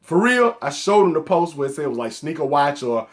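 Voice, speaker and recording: A man from Atlanta with a Southern accent, casually counting down his favorite sneakers in a relaxed vlog and tagging "man" onto his lines with excited bursts. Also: fairly high pitch, fast. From Atlanta, Georgia. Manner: laid-back, peppers sentences with "man", excited bursts. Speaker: sneaker vlogger.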